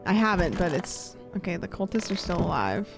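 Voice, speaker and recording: A woman's voice: on the low side, very animated, fairly quick, vocal fry, over music. A woman streaming a game, chatting casually and thinking aloud.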